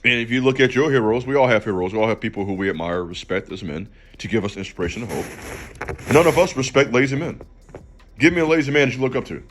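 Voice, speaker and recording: A man's voice: medium pitch, fast talker, a little hiss or hum. A man hosting a faith channel, giving a motivational talk in an emphatic, preachy way and calling out to the listener directly. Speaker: channel host.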